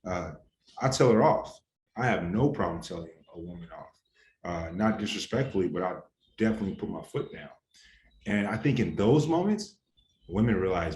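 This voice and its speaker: A man's voice: low voice, expressive, normal speed, darkish tone, slight background noise. A young adult man answering interview questions in an earnest, heated, casual way full of slang. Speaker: interview guest. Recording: roomy echo, faint ambience.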